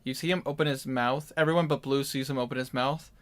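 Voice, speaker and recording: A man from Minnesota with a Midwestern accent, running a tabletop game as game master, laughing often and calling turns briskly. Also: mid-range voice, fairly even intonation. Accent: Midwestern American.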